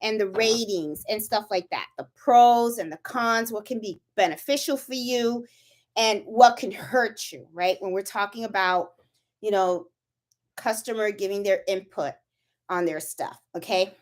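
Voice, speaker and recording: Slightly breathless, the woman running this craft livestream speaks in an unhurried, mid-range voice. She's chatty and full of fillers, checking in with viewers from a chilly room indoors at her home.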